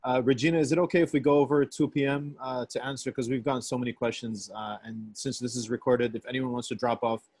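A man's voice: medium pitch, fairly even intonation, fast, few pauses, a little mellow, dry recording. A man hosting a webinar on a video call, friendly and casual, with plenty of filler words as he moves to questions. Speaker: webinar moderator.

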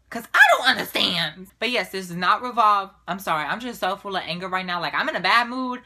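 Sassy bright-voiced young woman vlogger. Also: mid-range voice, brisk, hardly any pauses. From Puerto Rico. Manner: sassy, exasperated, mocking. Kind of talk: casual ranting vlog.

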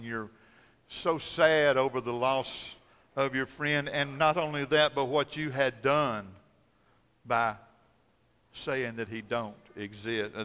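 A male pastor preaching a sermon, telling the story dramatically, swinging between loud emphasis and hushed tones. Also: mid-range voice, clean tone. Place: church sanctuary. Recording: long church hall reverb.

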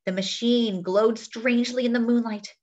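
A woman reading a children's picture book aloud, lively, often turning to ask her young listeners questions. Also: a little high, normal speed. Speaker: children's story reader. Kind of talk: read-aloud storytelling for children. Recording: dull lo-fi sound.

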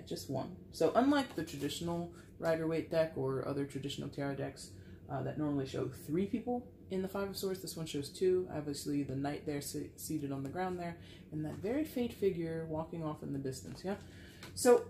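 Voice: medium pitch, lively intonation, moderate pace, dark tone, slight background noise. A tarot reader giving a casual, frank reading to camera, sighing often and swearing now and then. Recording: echoey room with faint ambience.

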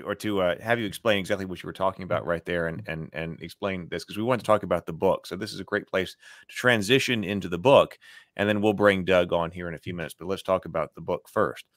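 A man hosting an interview podcast, speaking in a casual, halting way with frequent restarts. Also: low voice, fairly bright tone, dry recording, studio quality. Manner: halting, restarts his sentences. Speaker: podcast host.

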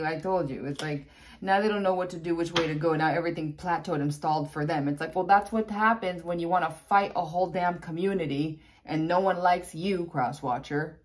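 Low-pitched lady reading tarot cards, casual and blunt, kinda exasperated. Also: a little fast. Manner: chatty and blunt, with exasperated asides. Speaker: tarot reader.

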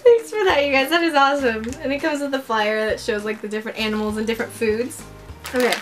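A young woman chatting excitedly on her vlog as she unboxes a gift package, gushing with many exclamations. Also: a little high, fast, music in the background. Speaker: vlogger.

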